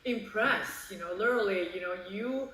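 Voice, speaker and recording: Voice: medium pitch, normal speed, bright, forceful tone, echoey room, poor audio. A guest on a casual video call, praising the host with lots of fillers and restarts.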